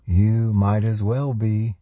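A man voicing a soft, pleasant-sounding young man who is quietly menacing, in an audiobook. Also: on the low side, steady tone, takes it slowly, dry recording, dull audio, voice pushed up. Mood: soft menace. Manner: soft and gently coaxing. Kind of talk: audiobook character voice.

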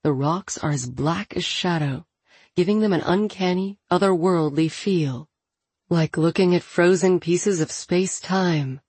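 A woman with a low, husky voice narrates an audiobook at a measured, steady pace. The recording is dry and close with no room sound. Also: no room sound.

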